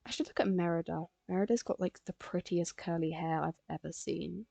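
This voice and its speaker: A teenage English girl chats casually on a live stream while drawing, rambling and using lots of fillers. Her voice is lowish and warm with vocal fry, and she talks fairly quickly in a steady tone. The recording is dry.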